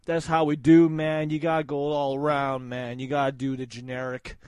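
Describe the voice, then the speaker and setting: A man giving casual, profane hype shout-outs in a swaggering way, breaking into loud shouted names. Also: medium pitch, little pitch movement, moderate pace, smooth, no echo, poor audio.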